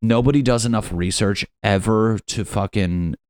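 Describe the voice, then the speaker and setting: A man's voice: fairly low pitch, normal speed, a little mellow, clean tone, dry recording, studio quality. A young adult man ranting in a rambling, profane, comedic monologue full of fillers.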